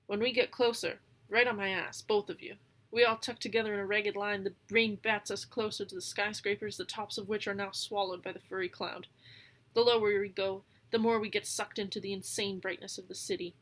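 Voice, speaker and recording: Female reader, lively first-person storybook narration, occasional amused asides. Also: medium pitch, brisk. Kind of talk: audiobook narration.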